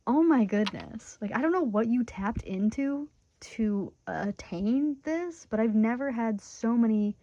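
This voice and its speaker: Young woman tarot reader, giggly and excitable, casual direct-to-viewer chat, slightly muffled home recording. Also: fairly high pitch, unhurried, a little hiss or hum. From Michigan, USA. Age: 20s. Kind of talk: casual tarot reading monologue.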